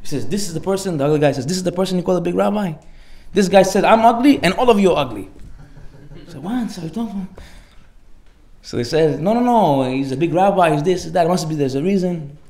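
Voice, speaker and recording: A man giving a sermon as a rabbi, animated, acting out the voices in his stories. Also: sits high, brisk, echoey room. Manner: animated storytelling, acts out dialogue.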